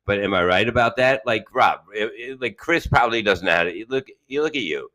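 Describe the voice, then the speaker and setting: A man's voice: fairly low pitch, expressive, a little fast, bright, forceful tone. A man hosting a live podcast, rambling through crude, profane banter with lots of restarts. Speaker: podcast host. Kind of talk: casual live podcast chat.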